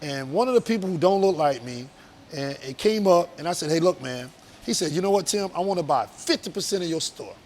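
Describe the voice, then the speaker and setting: Man, high voice, earnest business guest, motivational and emphatic. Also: lively intonation, brisk, a little mellow, a little hiss or hum. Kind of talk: casual interview talk.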